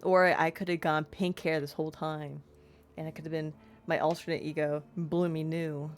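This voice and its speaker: A woman's voice: low voice, flat delivery, normal speed. A young woman streaming a game, bubbly, giggly and chatty with her chat.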